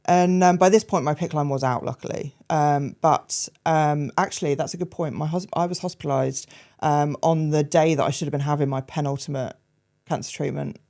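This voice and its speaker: A woman, a podcast guest telling her personal story frankly, hesitant and full of fillers, with dark humour. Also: sits low, steady tone, normal speed.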